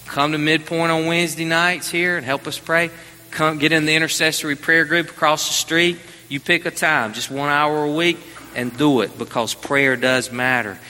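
A male pastor preaches to his congregation, his fairly high voice bright and forceful. His delivery is animated, climbing higher on each point he stresses. The sound carries a long reverb from the church. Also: normal speed. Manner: animated preaching, rising in pitch on emphasis. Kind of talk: sermon. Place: church sanctuary.

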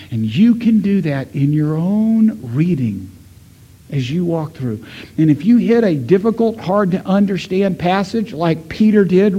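Man preaching, mellow and a bit husky, slightly high voice, storytelling sermon with acted-out quotes. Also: highs cut off. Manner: storytelling, voices quoted people, swings from loud to hushed. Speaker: pastor.

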